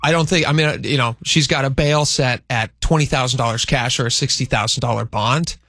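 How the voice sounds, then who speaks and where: A man with a gravelly edge to his mid-pitched voice, talking through news items in a relaxed, conversational way. The sound is close and dry, with no room around it. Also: dry recording. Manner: conversational, thinks aloud, reads a statement aloud slowly. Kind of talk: casual news chat.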